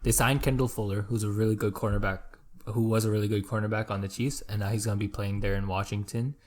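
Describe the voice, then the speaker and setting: A young man with a lowish voice talks football on a casual podcast with his friends. He jokes around, teases the others and swears freely. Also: little pitch movement, fast talker, darkish tone. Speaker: podcast co-host. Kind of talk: casual sports chat.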